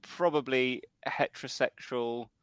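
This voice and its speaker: A man's voice: medium pitch, fairly even intonation, measured pace, a bit bright, clear, resonant tone, no echo, clean studio sound. A man co-hosting a casual podcast chat, rambling as he spins elaborate joking schemes. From United Kingdom. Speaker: podcast co-host.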